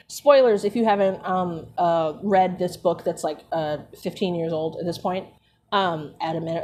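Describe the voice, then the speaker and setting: A woman's voice: medium pitch, a little mellow. Sarcastic woman ranting between book passages. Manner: sarcastic, profane asides, frequent fillers. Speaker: streamer reading a book aloud. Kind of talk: casual commentary while reading aloud.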